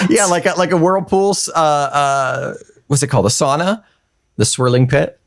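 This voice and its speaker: A man's voice: a little high, measured pace, creaky. A man co-hosting a podcast, chatting casually and joking with frequent laughs. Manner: giggly, joking banter. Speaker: podcast co-host. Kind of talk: casual chat.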